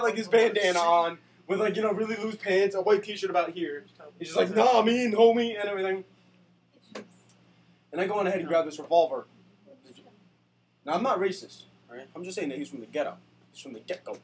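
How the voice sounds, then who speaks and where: A young man telling a comic story in a sarcastic rant with bursts of shouting, recorded on a distant camera mic. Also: sits high, fast talker, pauses often. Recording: distant mic with faint noise.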